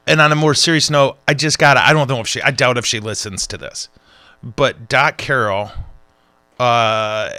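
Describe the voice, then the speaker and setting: Bright-voiced joking priest. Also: male voice, medium pitch, dry recording. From United States. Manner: joking, rambling, animated. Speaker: priest and podcast host. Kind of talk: casual chat.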